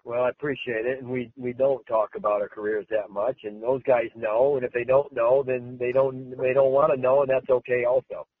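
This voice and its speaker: A male wrestling coach from the United States speaks briskly and barely pauses, his husky, medium-pitched voice showing little pitch movement and no echo. In this press interview he is emphatic and repetitive with frequent restarts, heard through tinny, phone-like audio.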